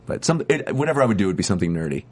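A man's voice: low voice, sing-song, rapid-fire, a little mellow, slightly rough. A middle-aged man, an actor chatting as an interview guest, rambling with many restarts and stammers. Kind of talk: casual chat.

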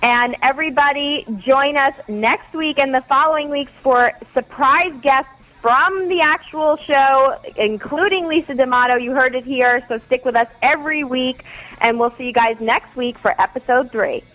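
Bubbly woman host, slightly high voice, keeps the chat rolling. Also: moderate pace, phone-quality sound. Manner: upbeat, wraps up with plugs. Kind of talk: casual chat.

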